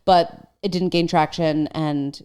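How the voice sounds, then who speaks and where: A chatty woman in her thirties co-hosts a laid-back podcast, leading the story with plenty of casual fillers. Her voice sits a little low for a woman. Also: fairly even intonation, slow, darkish tone, smooth. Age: 30s. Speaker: podcast co-host.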